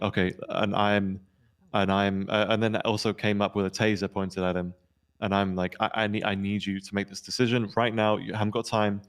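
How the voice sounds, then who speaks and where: A man playing a police officer, recounting a tense incident in a quick, storytelling way and acting out what people said. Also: lowish voice. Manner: rapid storytelling, acts out quoted lines. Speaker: police officer in role-play. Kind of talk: in-character debrief recounting an incident.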